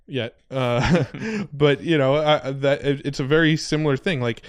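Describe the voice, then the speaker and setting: Young male co-host, casual and rambling, medium pitch, dry room. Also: measured pace, no room sound. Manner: rambling, frequent fillers and restarts, storytelling. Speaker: podcast co-host. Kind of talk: casual chat.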